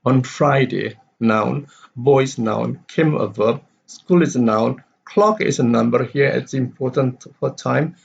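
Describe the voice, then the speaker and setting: A man teaching English stress and intonation, explaining slowly with frequent pauses and fillers, on a dull lo-fi recording. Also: mid-range voice, gravelly, breathy edge. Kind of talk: explaining stress in story reading.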